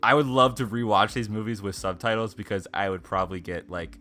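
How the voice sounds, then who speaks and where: A man's voice: on the low side, steady tone, brisk, pushed and bright, slight background noise. A man co-hosting a podcast, chatting casually in a rambling way, with lots of fillers and frequent laughter. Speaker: podcast co-host. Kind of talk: casual chat.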